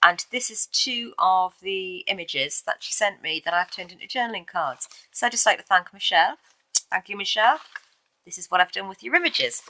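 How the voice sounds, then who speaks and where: Chatty woman, bright crisp voice. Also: medium pitch, lively intonation, moderate pace, no echo, low-quality recording. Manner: chatty, with fillers and self-corrections. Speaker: crafter showing a handmade journal. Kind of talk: casual show-and-tell video.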